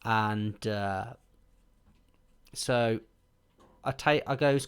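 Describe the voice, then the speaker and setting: A man with a British accent hosting a podcast, telling a rambling, animated story and swearing constantly. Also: mid-range voice, moderate pace, clear, resonant tone. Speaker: podcast host. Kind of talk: casual storytelling chat.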